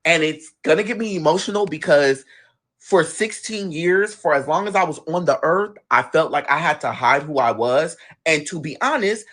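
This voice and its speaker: Animated young man telling a family story. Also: on the high side, moderate pace. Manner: animated, acts out family members' lines in his own voice. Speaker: guest telling his story. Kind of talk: casual storytelling.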